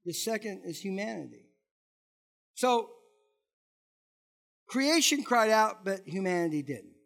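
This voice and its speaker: A man's voice: sits high, lively intonation, a little slow, gravelly, fairly bright tone. A middle-aged male pastor giving a conversational sermon, wandering off on asides and asking the congregation questions.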